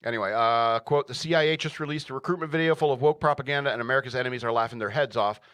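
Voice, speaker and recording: A man's voice: mid-range voice, rapid-fire, fairly bright tone, smooth, dry recording. A man hosting a radio show, ranting through the news with sarcastic, mocking asides and frequent laughter.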